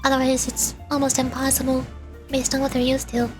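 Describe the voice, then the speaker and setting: Young woman VTuber, high voice, casual rambling chat, light music behind. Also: monotone, fairly quick. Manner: chatty, rambling, laughs often. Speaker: VTuber streamer. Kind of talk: casual stream chat and game voice acting.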